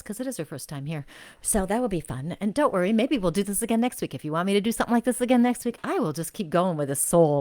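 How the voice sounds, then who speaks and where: Woman, slightly low voice, live-stream soul reading host, effusive, gushing, drawn-out phrases. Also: darkish tone. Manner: effusive and gushing, repeating praise; slow, drawn-out phrases while sensing. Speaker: intuitive reader and show host.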